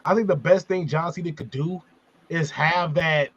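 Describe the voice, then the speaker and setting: A man's voice: on the high side, fairly even intonation, moderate pace, fairly bright tone, lo-fi sound, a little hiss or hum. A man hosting a casual wrestling podcast, talking emphatically and ranting with rising volume. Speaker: podcast host.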